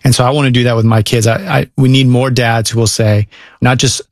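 A man's voice: medium pitch, fairly even intonation, fairly quick, no echo, studio quality. Earnest man talking about fatherhood. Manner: earnest, speaks of God and discipleship. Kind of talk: earnest faith-based conversation.

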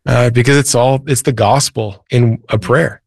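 A man's voice: medium pitch, steady tone, normal speed, gravelly, darkish tone, dry recording, clean studio sound. A man, a Christian author and preacher, earnestly retelling a Bible story as a guest in an interview. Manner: earnest, retells scripture with quoted voices.

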